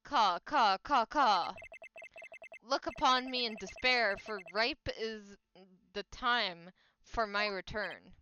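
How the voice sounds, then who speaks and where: A woman's voice: pushed and bright, smooth, lo-fi sound. A woman voicing a cawing self-proclaimed demon king. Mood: booming, menacing. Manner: slow booming theatrical proclamations with crow cries. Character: mayor posing as cawing male demon king. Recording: game music playing behind.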